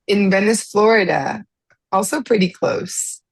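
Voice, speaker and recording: Gentle woman hosting a video-call meetup. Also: medium pitch, measured pace, breathy edge, dry recording. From Miami. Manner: gentle, reflective, with frequent laughs and restarts. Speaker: host of an online study meetup. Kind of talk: casual spiritual group chat.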